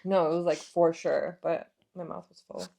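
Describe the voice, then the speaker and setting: A woman's voice: lowish voice, fairly even intonation, normal speed, gravelly, dark tone, a little hiss or hum. A young woman co-hosting a podcast in casual chat, playful and giggly, a little tipsy. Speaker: podcast co-host.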